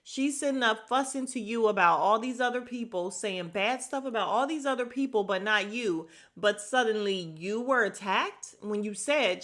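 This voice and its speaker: Bright, gossipy woman recapping. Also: a little high, moderate pace, hardly any pauses. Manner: animated, gossipy, acts out quotes from the show. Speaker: podcast host recapping a reality show. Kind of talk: casual recap chat.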